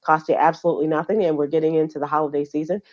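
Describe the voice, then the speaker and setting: A woman's voice: low-pitched, flat delivery, darkish tone, lo-fi sound. A middle-aged woman hosting a radio show, going over the news in casual chat and talking with fillers and restarts. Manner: conversational, halting with fillers.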